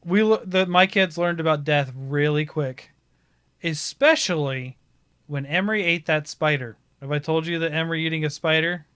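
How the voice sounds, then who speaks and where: A man from Ohio, a podcast host, telling stories in casual chat and bursting into loud laughing shouts. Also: on the high side, normal speed, smooth, no echo, studio quality. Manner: animated storyteller, swings into loud laughing shouts.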